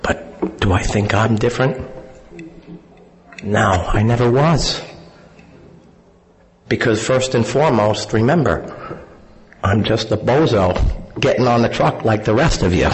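A hoarse man, his voice worn out, giving an earnest recovery testimony at a convention, often trailing off quietly. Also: lowish voice, unhurried, long pauses. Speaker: convention speaker. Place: large convention hall. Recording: reverberant hall, faint hum.

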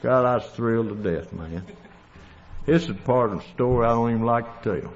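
A Southern man from Tennessee tells his own hard-luck story in a folksy, plainspoken drawl, his pitch sitting in an ordinary middle range. The recording is dull and lo-fi, and his voice rings with a long reverb as if he is speaking in a big hall. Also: fairly quick. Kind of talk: storytelling testimony.

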